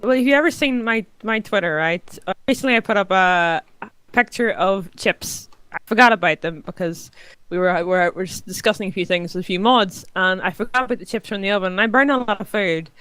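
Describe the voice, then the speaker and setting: Chatty woman with smooth clear voice. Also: medium pitch, fairly bright tone, no room sound. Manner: chatty, halting, laughing. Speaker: streamer guest. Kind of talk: casual podcast interview chat.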